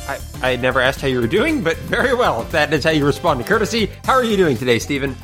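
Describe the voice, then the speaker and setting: A male podcast host talks in a lively, up-and-down voice, playing at exasperation with his friends and laughing a lot. His voice sits a touch high for a man. A little background music hums faintly behind him. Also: fast. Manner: playful, mock-exasperated, laughs often. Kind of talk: casual banter with co-hosts. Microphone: studio mic with pop screen.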